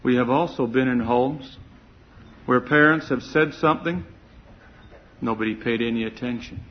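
A man's voice: mid-range voice, moderate pace. A man preaching a sermon in an earnest, emphatic way, swelling on key words. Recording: muffled lo-fi recording.

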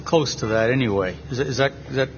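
A North American man expounding a Bible passage in an earnest, deliberate way with pauses, in a dull lo-fi meeting recording. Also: mid-range voice, slight background noise. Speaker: preacher at a Bible reading. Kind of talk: slow, measured Bible exposition.

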